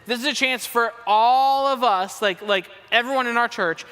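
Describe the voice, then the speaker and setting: A man's voice: very high voice, moderate pace, bright, forceful tone, clear, resonant tone, big-room sound. A young man making upbeat church announcements to his youth group, enthusiastic and repeating words for emphasis.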